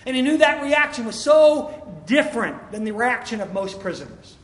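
A man's voice: very high voice, expressive, normal speed. A man preaching a sermon as a pastor, emphatic and full of rhetorical questions, speaking in a church sanctuary. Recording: echoey hall, faint room ambience.

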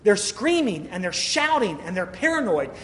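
With big pitch swings and a fairly bright tone, a high-voiced man preaches a sermon at normal speed in a church sanctuary. The pastor is emphatic and asks many rhetorical questions, and the hall sounds echoey with faint room ambience.

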